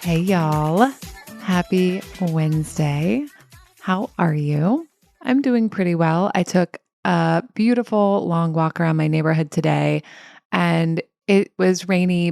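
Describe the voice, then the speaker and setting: A woman in her thirties hosts her coaching podcast in a loose, conversational monologue, peppering her talk with "like." Her voice sits fairly low with a gravelly fry running through it, recorded dry and close with no room around it. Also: no room sound. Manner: chatty and relaxed, with many "like"s. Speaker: career coach and podcast host.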